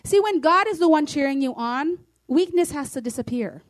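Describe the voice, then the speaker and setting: High-voiced woman preaching emphatically. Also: lively intonation, moderate pace. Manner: emphatic, declaring, reads scripture aloud. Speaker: pastor. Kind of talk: sermon.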